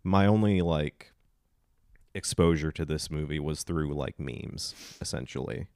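A man from Tennessee talks about movies in a loose podcast chat. He sounds easygoing and often trails off with fillers. His voice sits very low, and the sound is close and dry. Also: a little slow, a little mellow, no room sound. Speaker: podcast co-host. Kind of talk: casual chat.

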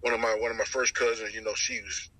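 This middle-aged North Carolina man, a guest, tells his testimony with energy, acting out the voices he quotes and repeating phrases. His creaky, mid-range voice moves fast, and the recording quality is poor.

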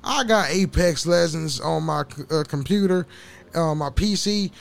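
A man's voice: fairly high pitch, measured pace, creaky, faint music behind. A man hosting a podcast, talking loosely about video games in a casual, profane storytelling manner with restarts. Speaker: podcast host.

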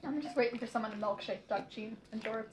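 A woman co-hosting a podcast, chatting casually and cracking deadpan jokes. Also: fairly high pitch, fast. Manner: wry, deadpan jokey. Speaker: podcast co-host. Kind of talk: casual chat. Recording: echoey room with noise.

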